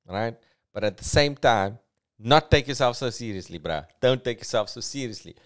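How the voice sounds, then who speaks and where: A middle-aged man rambling through a joking solo podcast, self-mocking and jumping between mumbles and loud bursts. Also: on the low side. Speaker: podcast host. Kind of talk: solo comedic podcast monologue.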